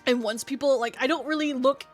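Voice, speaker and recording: A woman's voice: high-pitched, a little fast, faint music behind. A woman streamer from Canada chatting casually through a game, giggling often and swearing freely. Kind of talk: casual gaming stream chat.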